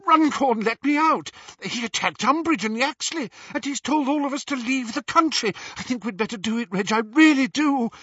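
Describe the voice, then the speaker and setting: A man doing a frantic high-voiced witch wife. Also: lively intonation, normal speed, hardly any pauses, pushed and bright, slightly rough, dry recording, distant mic, highs cut off, full character voice. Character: frantic middle-aged witch, anxious wife.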